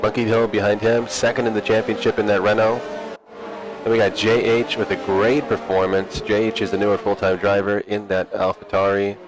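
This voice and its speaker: A man commentating an online sim racing league, relaxed and chatty with a teasing edge. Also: fairly low pitch, a little fast. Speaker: race commentator.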